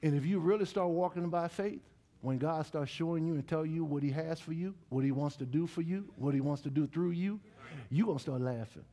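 A middle-aged man preaching a sermon in a church, with lively call-and-response to the congregation. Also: on the high side, a little fast. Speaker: pastor. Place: church sanctuary.

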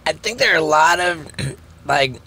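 A man co-hosting a podcast, speaking in a slow, searching way during casual chat. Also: fairly high pitch, expressive, creaky, bright, forceful tone, a little hiss or hum. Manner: slow and searching, with many restarts. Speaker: podcast co-host.

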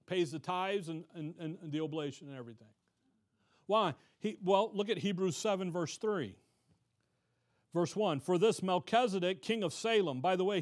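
A man preaching a conversational Bible-study sermon, reading verses aloud and asking rhetorical questions with frequent restarts. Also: sits high. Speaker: pastor.

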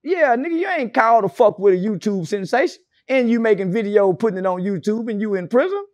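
A man's voice: sits high, animated, fast, darkish tone, no room sound, highs cut off. A man being interviewed, telling stories in a brash, profane and mocking way with sarcastic asides. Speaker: interview guest. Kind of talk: casual interview storytelling.

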